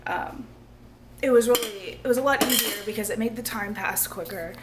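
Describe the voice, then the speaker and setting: A woman, hoarse and losing her voice, talking casually and earnestly to her viewers in a rambling vlog, often laughing. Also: on the high side, normal speed, very noisy. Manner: rambling, earnest, laughs often, drops to a near-whisper at times. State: losing her voice, feeling ill. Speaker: vlogger.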